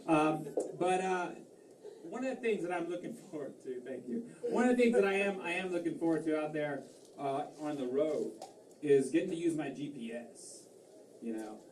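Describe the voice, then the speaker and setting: On a comedy club stage, a man from Massachusetts does a rambling, self-deprecating stand-up set full of fillers and restarts. His voice is a little high and animated at normal speed, captured from a distance with roomy club sound, faint crowd ambience, and a noisy background.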